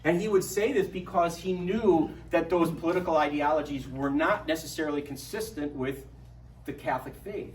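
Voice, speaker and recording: Middle-aged male parish speaker, lively and joking, slightly high voice, recorded far off in an echoey hall. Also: moderate pace, slight background noise. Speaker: adult formation speaker. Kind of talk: parish talk to an audience.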